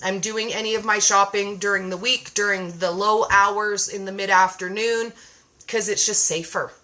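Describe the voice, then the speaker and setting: A woman hosting a casual live-stream chat, reading viewer comments aloud in an animated way. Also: medium pitch, moderate pace, rough recording. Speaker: live show host. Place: home.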